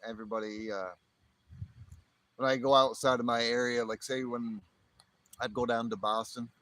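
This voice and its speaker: A low-quality recording catches a man with a fairly low pitch and a fairly bright tone as he hosts a live stream. He comes from the northern US near Canada and rambles casually, laughing softly and often backing up to restart his sentences.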